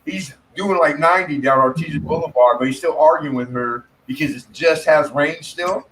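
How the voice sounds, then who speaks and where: A man's voice: a little high, normal speed, a bit bright, a little hiss or hum, low-quality recording. Profane, storytelling man chatting casually. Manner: profane storyteller, laughs often. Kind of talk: casual chat.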